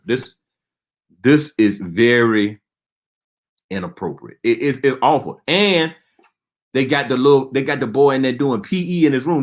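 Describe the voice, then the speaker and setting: Exasperated comedian, a man. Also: mid-range voice. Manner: exasperated, punchy storytelling with repeated phrases. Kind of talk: stand-up comedy.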